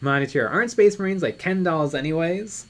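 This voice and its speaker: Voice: medium pitch, a little fast. A live stream co-host chatting casually while painting miniatures, reading out viewer comments and laughing often.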